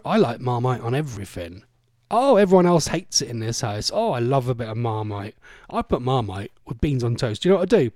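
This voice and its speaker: A man's voice: mid-range voice, darkish tone, no echo. A middle-aged man hosting a radio show in casual, rambling, jokey chat. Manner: rambling, chatty, loose and jokey. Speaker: radio host.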